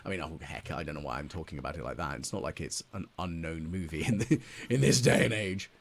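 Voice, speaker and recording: With a very deep, gravelly voice and a fast way of talking, a man in his late thirties who hosts a gaming channel muses and mocks himself through casual let's play commentary of a farming game. He says um a lot as he rambles.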